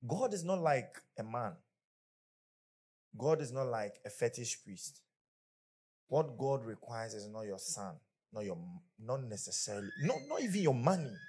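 A man's voice: medium pitch, darkish tone, husky. A man preaching a conversational sermon as pastor, often acting out the people he quotes.

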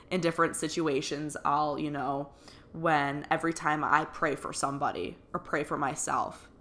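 A woman's voice: low voice, a bit bright, a little hiss or hum. A young woman telling a personal story in a chatty way, full of fillers and laughing now and then, as a podcast host. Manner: chatty, full of "like" and "you know", laughs often.

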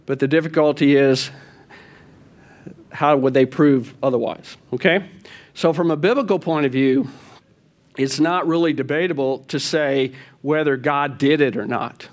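A man's voice: on the high side, a little slow. Chatty man teaching a Bible study. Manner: checks in with listeners often, asks questions; informal, with fillers and self-corrections.

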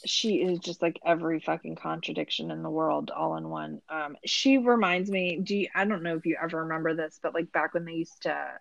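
A woman's voice: low-pitched, fairly even intonation, fairly quick, creaky, few pauses, no room sound, highs cut off. A woman hosting a podcast, recapping a show in a sarcastic, rambling casual chat with lots of filler words. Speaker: podcast host.

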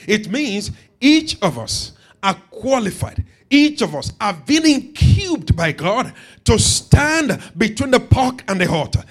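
Male preacher, very high voice, lively pitch, slow emphatic sermon delivery with shouted peaks. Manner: emphatic, repeats phrases, swells to shouts.

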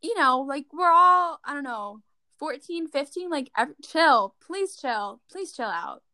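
A teenage girl telling a school lunch story in a chatty, animated way, full of "like". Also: sits high, unhurried, no room sound. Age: teens. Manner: chatty, fillers like "like", animated retelling. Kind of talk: casual chat.

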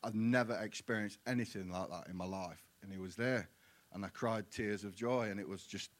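A man giving his personal testimony in church, earnest and halting. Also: on the low side. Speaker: guest sharing his testimony. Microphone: handheld mic.

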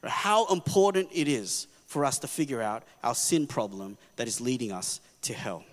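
A pastor giving a sermon in an earnest, conversational way, often checking in with the congregation. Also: male voice, mid-range voice, lively intonation, moderate pace. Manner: earnest, conversational preaching with frequent "right?" asides. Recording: long reverb of a church hall.

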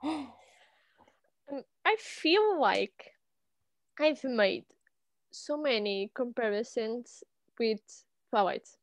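A woman chats on a book podcast at an unhurried pace, her pitch swinging widely. The sound is dry and close. She teases her co-host with blunt remarks. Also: expressive, dry recording. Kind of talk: casual chat.

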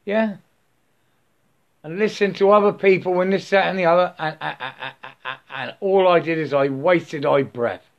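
A man's voice: a little high, moderate pace, gravelly, highs cut off. A man giving a rambling spiritual monologue, checking in with the listener and breaking into laughs.

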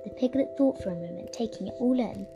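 A woman narrating a children's audiobook in a playful, expressive way. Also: on the high side, fast talker, vocal fry, muffled recording. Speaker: storyteller. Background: music.

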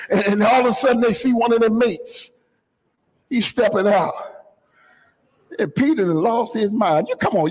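A pastor preaching a fervent sermon, often rising to a shout and dropping into joking asides. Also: male voice, high voice, in a large hall, poor audio. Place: church sanctuary.

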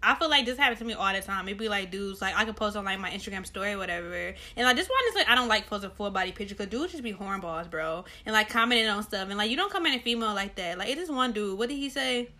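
A young woman co-hosting a podcast in casual, slangy chat, animated and laughing often. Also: medium pitch, fast talker, hardly any pauses. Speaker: podcast co-host.

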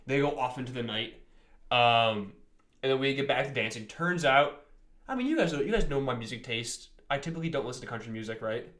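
A man's voice: medium pitch, a little fast, reverberant. A young man telling a rambling party story on a casual podcast, laughing often and tripping over his words. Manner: animated, laughing, swearing, many restarts. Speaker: podcast co-host.

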